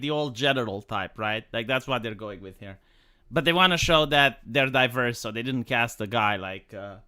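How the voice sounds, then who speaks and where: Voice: medium pitch, bright, forceful tone. A streamer giving exasperated live commentary over gameplay, ranting and stumbling over words.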